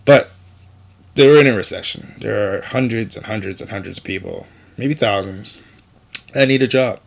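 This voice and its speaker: A man's voice: lowish voice, normal speed, gravelly. Guy doing news commentary, gets ranty and sarcastic about the stories. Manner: indignant, ranting, sarcastic asides.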